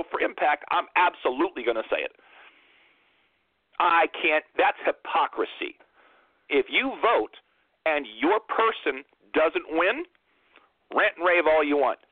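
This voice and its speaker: A man's voice: on the high side, slightly rough, dry recording. A man hosting a political talk radio show, lecturing emphatically and repeating phrases for impact. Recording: narrow phone-like dry sound.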